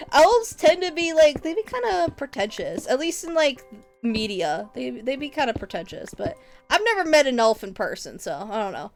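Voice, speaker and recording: A woman's voice: sits high, very animated, normal speed, soft background music. A woman streaming a game, chatting casually with viewers in a rambling, goofy, giggly way. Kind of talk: casual live-stream chat while gaming.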